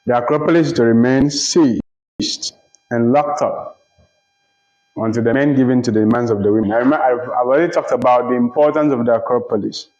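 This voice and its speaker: A man teaching a literature lecture, explaining slowly and deliberately, repeating phrases and checking that listeners follow. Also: medium pitch, a little mellow. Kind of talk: recorded lecture. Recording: roomy, dull lo-fi recording.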